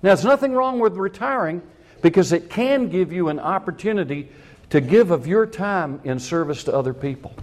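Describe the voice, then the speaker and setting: An older man, a pastor, preaching a sermon in an animated way that acts out the quotes he tells. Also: on the high side.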